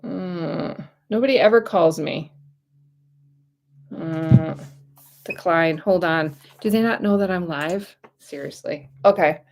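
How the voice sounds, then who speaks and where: A woman's voice: fairly low pitch, moderate pace, few pauses, a little mellow. An American woman in her thirties, a livestream host telling an exasperated story in casual chat. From United States.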